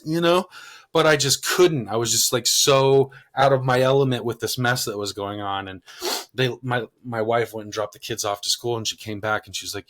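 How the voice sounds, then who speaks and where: A man co-hosting a parenting podcast, telling a rambling personal story full of fillers, getting loud and animated when he quotes himself. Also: medium pitch, moderate pace. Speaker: podcast co-host. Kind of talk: casual conversational storytelling.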